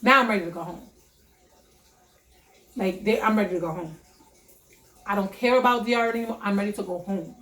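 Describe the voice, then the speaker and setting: A young woman vlogger telling a story in a casual storytime vlog, animated, profane and emphatic. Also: mid-range voice, a little fast, long pauses, roomy sound.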